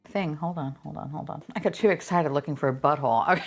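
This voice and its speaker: A young woman with a lowish voice that leaps all over the place, chatting casually through an unboxing. She swears freely and squeals and gasps at each find, her talk running from low mutters to sudden high shrieks. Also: brisk, faint music behind. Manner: excitable and profane, gasping and squealing at finds. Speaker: unboxing vlogger.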